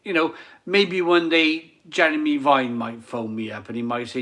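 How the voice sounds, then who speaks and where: Bloke in his forties hosting a live stream, chatty, giggly, slow and bright. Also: fairly high pitch, steady tone. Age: 40s. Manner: chatty, laughs often, reads chat comments aloud. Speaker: beer reviewer and live stream host. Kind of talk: casual live stream chat.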